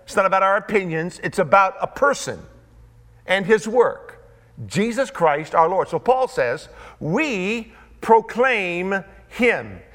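A male preacher delivers a sermon in a high voice. He works through points with emphatic repetition and leaves dramatic pauses, and his pitch swings widely and lively throughout. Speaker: pastor.

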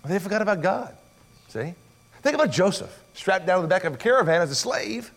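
Dramatic storytelling preacher, fairly high voice. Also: male voice, sing-song, brisk, vocal fry. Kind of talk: sermon.

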